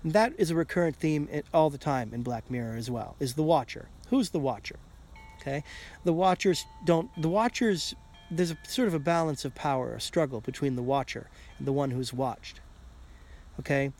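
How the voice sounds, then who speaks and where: A man's voice: medium pitch, fairly quick, darkish tone. A man hosting a podcast in a casual solo monologue, rambling and checking in with "okay?" as he goes. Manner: rambling, keeps asking "okay?", swears casually. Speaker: podcast host.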